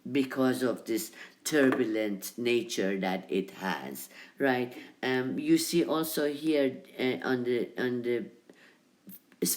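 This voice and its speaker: Slow, hesitant male history lecturer. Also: medium pitch. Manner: hesitant, full of ums and tag questions; talks over slides or video. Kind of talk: recorded lecture.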